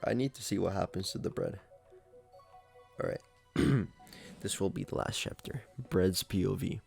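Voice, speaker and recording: A man's voice: low-pitched, normal speed, vocal fry, long pauses, a little mellow, faint music behind. A man reading a silly fan fiction aloud in a mock-serious way, breaking off into slangy chat with his viewers. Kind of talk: comic read-aloud and casual chat to viewers.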